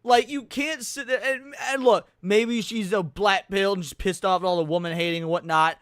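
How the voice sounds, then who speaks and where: Brief: male streamer, high smooth voice, dry close sound, profane and rambling. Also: steady tone, normal speed, fairly bright tone, dry recording. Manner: rambling, profane, joking, many restarts. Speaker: stream host reacting to videos. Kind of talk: casual live reaction stream.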